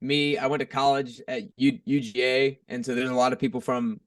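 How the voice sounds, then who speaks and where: A man's voice: medium pitch, level tone, a little fast, no echo, clean studio sound, recorded from a distance. A man from Atlanta with a light Southern accent, a podcast guest talking in an easygoing, friendly and laid-back manner. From Atlanta, Georgia. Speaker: podcast guest, fitness coach. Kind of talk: casual interview chat.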